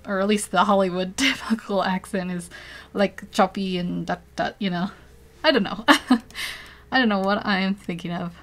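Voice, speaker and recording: A chatty American woman talks to her live-stream viewers while she works on a drawing. She giggles often between phrases and pokes fun at herself. Her pitch sits in the middle range for a woman. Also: fairly bright tone. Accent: General American. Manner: chatty, self-deprecating, reads and answers chat.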